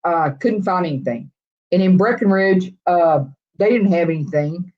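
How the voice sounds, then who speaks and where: A woman's voice: fairly low pitch, moderate pace, muffled recording. A middle-aged woman with a Texas accent chatting casually with live viewers, rambling from one thought to the next. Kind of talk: casual live-stream chat.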